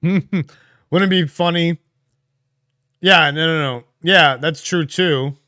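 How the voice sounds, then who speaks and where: A man with a slightly high voice speaks slowly while co-hosting a casual livestream. He chats and muses aloud over viewers' comments, easygoing, with fillers and laughter. The sound is clean and studio-like, without echo.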